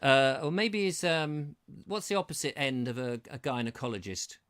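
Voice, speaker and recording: A man's voice: mid-range voice, expressive, moderate pace, fairly bright tone. A man from England hosting a live-streamed comedy talk show from his home, chatting and rambling as he reads viewer comments and stumbles playfully through tongue twisters. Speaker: host. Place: terraced house.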